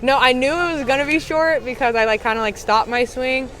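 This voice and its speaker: A teenage girl softball player giving a bubbly postgame interview outdoors at a ballfield, saying "like" a lot. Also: sits high, fairly quick. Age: teens. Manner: bubbly, heavy use of "like". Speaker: high school softball player.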